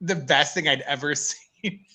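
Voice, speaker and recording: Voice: medium pitch, a little slow, sharp tone. A speaker in casual chat, gushing over a friend with dramatic outbursts and shrieks.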